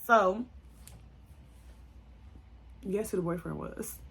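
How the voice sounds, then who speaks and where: Young woman, casual storytime, bright voice, animated, frequent laughs. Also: medium pitch, slow, gravelly, a little hiss or hum. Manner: animated, laughing often, acting out quotes.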